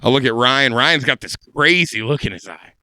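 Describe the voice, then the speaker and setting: Brash man, bright lively voice. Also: medium pitch, moderate pace, no room sound, studio quality. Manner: brash, crude, animated. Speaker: stand-up comedian. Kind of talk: comedic storytelling. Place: podcast studio.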